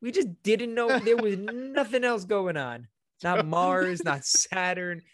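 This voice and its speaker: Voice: mid-range voice, measured pace, fairly bright tone, no room sound, studio quality. Sarcastic joking podcast co-host. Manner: joking, sarcastic riffing with laughter. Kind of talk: casual podcast chat.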